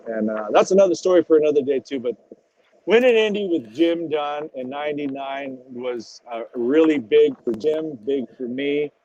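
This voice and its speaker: A middle-aged man, a former drag racer, telling animated and salty stories as a podcast guest. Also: on the high side, normal speed. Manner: animated, swears freely, acts out quotes. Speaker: retired drag racing driver as podcast guest. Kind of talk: casual storytelling interview. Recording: dull lo-fi audio.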